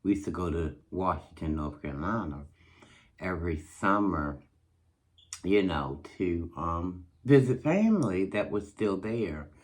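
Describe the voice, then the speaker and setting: A woman's voice: a bass voice, animated, a little slow, a little mellow. A woman hosting her own channel, telling a personal story in a casual, chatty way and speaking directly to her viewers.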